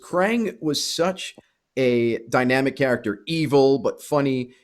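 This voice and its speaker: A man in his forties hosts a podcast in a relaxed, conversational voice at an ordinary pitch. He asks his questions like an eager fan. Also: measured pace. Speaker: podcast host. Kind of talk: podcast interview.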